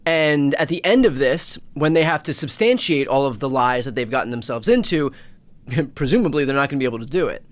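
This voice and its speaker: A male host of a political talk show who asks questions in a lively, conversational way and jokes along. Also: mid-range voice, brisk, no echo.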